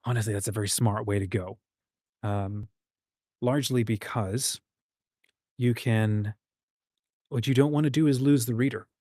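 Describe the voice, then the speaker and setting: A man's voice: mid-range voice, fairly even intonation, moderate pace, long pauses, dark tone, no echo, clean studio sound. A man hosting a casual livestream about writing, reading out viewer comments and musing aloud with frequent ums and restarts. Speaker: host.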